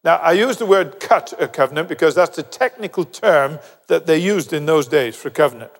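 An older man preaching a sermon, animated, acting out conversations as he tells the story. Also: on the high side, a little fast. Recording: long reverb of a large hall.

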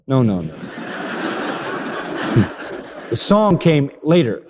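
A man preaching a sermon, animated and dramatic, acting out the lines he quotes. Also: mid-range voice, slow, pauses often. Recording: long reverb of a large hall.

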